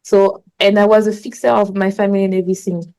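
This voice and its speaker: Woman guest, mid-range pitch, soft mellow tone, earnest and rambling. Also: little pitch movement, quick pace, rough recording. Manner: earnest, rambling storytelling in non-native English. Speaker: manifestation coach, podcast guest. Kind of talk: casual interview chat.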